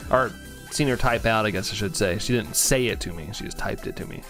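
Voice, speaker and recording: A man's voice: lowish voice, fairly quick, fairly bright tone. A man in his thirties chatting casually while live-streaming a game, rambling and joking with viewers over faint game music. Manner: chatty and rambling, playful jokes and laughter.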